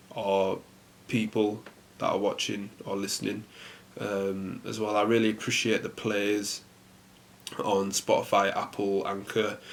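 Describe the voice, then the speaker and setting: A young man hosting a casual solo podcast, rambling in a relaxed way with lots of fillers. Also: fairly low pitch, vocal fry. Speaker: podcast host.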